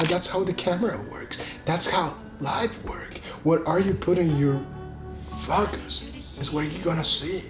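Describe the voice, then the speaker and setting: A man gives a relaxed devotional talk, retelling a Bible story in plain, informal English with frequent "like". The room echoes, and soft music plays quietly behind him. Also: sits high. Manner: informal, full of "like", with non-native phrasing. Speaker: devotional speaker.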